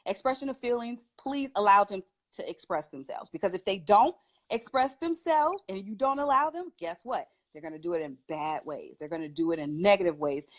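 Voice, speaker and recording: A mother appears as a talk show guest, offering parenting advice emphatically and with animation while laughing often. She's an adult with children and speaks in a mid-range voice.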